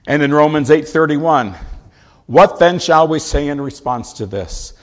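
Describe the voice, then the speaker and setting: Man preaching with slow, drawn-out emphasis. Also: a little high. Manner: slow, emphatic delivery, drawing out key words. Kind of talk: sermon.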